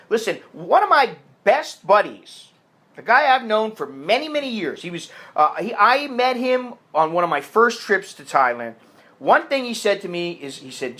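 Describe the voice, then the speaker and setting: A man's voice: sits high, big pitch swings, moderate pace, a bit bright. An American man giving crude, blunt advice in a casual monologue, slipping into mocking voices when he quotes people. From United States.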